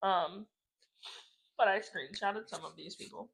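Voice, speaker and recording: A woman's voice: mid-range voice, a little slow, gravelly, fairly bright tone, husky. Chatty young woman, loose and swearing. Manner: chatty, swearing, laughs often, lots of "like"; reads dating app messages aloud in mocking voices. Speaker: podcast co-host. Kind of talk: casual chat.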